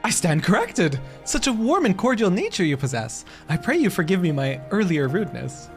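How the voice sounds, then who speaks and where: A man's voice: sits high, sing-song, normal speed, soft background music. A man reading aloud the lines of a wary, weary villager in a fantasy game, in stiff, formal old-fashioned speech.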